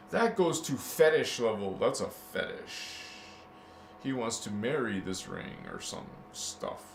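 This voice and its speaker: Hosting a spiritual video channel, this man talks in a loose, joking manner, using crude slang and chuckling at his own humor. His mid-range voice swings widely in pitch, moves at a slow pace, and has a creaky quality. Roomy echo and faint noise color the audio.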